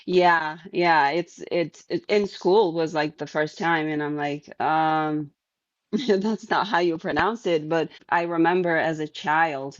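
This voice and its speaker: A woman's voice: deep voice, dry recording, lo-fi sound. A young woman who is a guest on a podcast, chatting casually, laughing often and mimicking other people's voices. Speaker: podcast guest, sales strategist.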